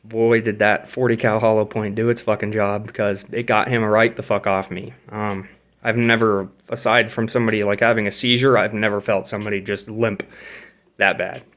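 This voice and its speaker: A young man, a vlogger, tells a story casually, cursing freely, acting out the quoted dialogue and pointing out where things happened. His voice sits fairly low with little pitch movement, moving at a moderate pace with a fairly bright tone. The recording has its highs cut off.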